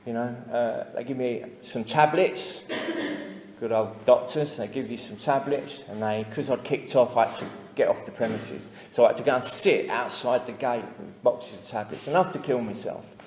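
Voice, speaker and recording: A man's voice: mid-range voice, normal speed, darkish tone. Plain-spoken English man in echoey hall. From England. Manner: plain-spoken, many fillers and asides. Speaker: speaker sharing recovery story. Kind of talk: personal testimony to a recovery meeting. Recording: echoey hall with long reverb.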